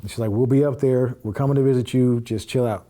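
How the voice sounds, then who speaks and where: Mellow-voiced man telling a personal story. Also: medium pitch, fairly even intonation, fast talker. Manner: acts out quoted dialogue while recounting events; plain-spoken, with frequent fillers and curse words. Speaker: podcast guest.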